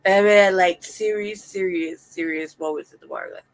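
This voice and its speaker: A woman's voice: fairly low pitch, normal speed, gravelly. A woman co-hosting a livestream in casual chat, laughing often and swearing freely.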